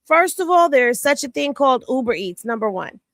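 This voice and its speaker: A woman's voice: high-pitched, lively intonation, fairly quick, fairly bright tone, no echo, clean studio sound. A woman hosting casual reaction commentary, blunt and sassy, talking straight to her viewers. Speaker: commentary host. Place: home room with rain on a tin roof.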